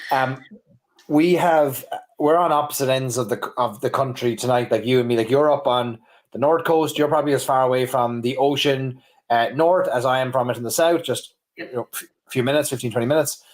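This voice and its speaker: A man's voice: mid-range voice, fairly quick. A man from Cork with a Cork Irish accent, co-hosting a whiskey livestream in a rambling, playful, self-mocking way. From Ireland, Cork. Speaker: livestream co-host. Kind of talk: casual livestream chat.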